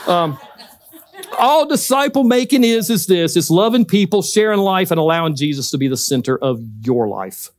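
A man's voice: high-pitched, expressive, normal speed. A man with a Southern US accent giving a conversational church talk, folksy and emphatic, with joking asides. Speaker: guest speaker at church. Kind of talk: conversational sermon. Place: church hall.

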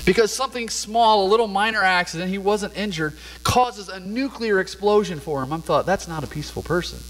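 A middle-aged man preaching with a somewhat high voice and an easygoing, chatty delivery. He tells stories like he is talking with friends. His voice carries a long reverb from the church hall around him. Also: a little fast, fairly bright tone, slight background noise. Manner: conversational storytelling, laid-back. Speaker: pastor. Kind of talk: sermon. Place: church sanctuary.

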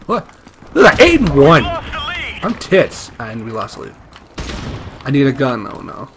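A man's voice: mid-range voice, a little slow, noisy background. A young man giving casual, profane commentary while playing a shooter, yelping and laughing as he goes. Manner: excitable, profane, yelps and laughs. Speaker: gamer.

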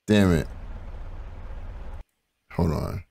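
A man's voice: deep voice, drawn-out words, creaky, darkish tone. A man hosting a casual reaction stream who rambles, laughs and curses while hunting through clips. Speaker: streamer host.

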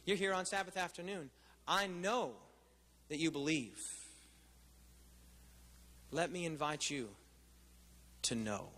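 A man preaches in a high, ringing voice. He talks with his congregation as much as to them and keeps checking that they follow. His sermon echoes around a large hall. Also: slow pace, pauses often, pushed and bright. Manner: conversational preaching, asks the crowd questions. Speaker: pastor.

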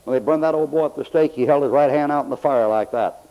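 Older preacher on lo-fi tape. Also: male voice, mid-range voice, quick pace. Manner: folksy storytelling with preacher emphasis. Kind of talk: sermon. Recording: dull lo-fi old tape.

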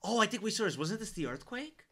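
A man streaming, casually reacting to viewer clips, chatty and quick to laugh. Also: high-pitched, big pitch swings, very noisy. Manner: chatty, laughs often, exclaims.

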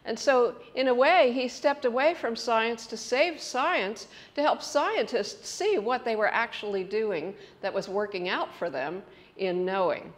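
A middle-aged woman giving a conference talk, telling lively personal stories and breaking into laughter as she explains an idea. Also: on the high side, unhurried. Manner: animated storytelling with laughs and loud acted quotes. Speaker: conference speaker. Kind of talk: storytelling lecture.

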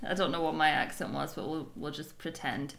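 A woman's voice: sits low, a little fast, gravelly, a bit bright. A Scottish woman co-hosting a reaction video in casual chat, chatty and self-mocking, laughing often. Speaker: reaction channel co-host.

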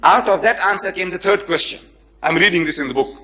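A man lecturing before a live audience, his voice sitting a little high for a man. He tells his stories with animation and plays out the people in them. He also speaks straight to his listeners, joking with them and scolding them. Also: fast. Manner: animated storyteller who acts out the people in his anecdotes; addresses the audience directly, joking and chiding. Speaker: lecturer on comparative religion. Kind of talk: public lecture with storytelling.

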